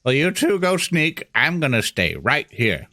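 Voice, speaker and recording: A man's voice: on the high side, big pitch swings, a little slow, pushed and bright, no echo, studio quality. A man playing a tabletop game, teasing and joking with the others. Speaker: player. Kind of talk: casual tabletop play.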